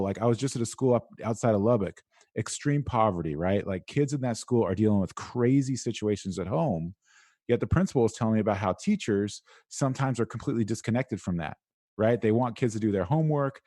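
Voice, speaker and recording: Dark-voiced man, casual and animated. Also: on the low side, dry recording, clean studio sound. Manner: animated, conversational, many "like"s and "right?". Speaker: guest, education speaker. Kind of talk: interview answers.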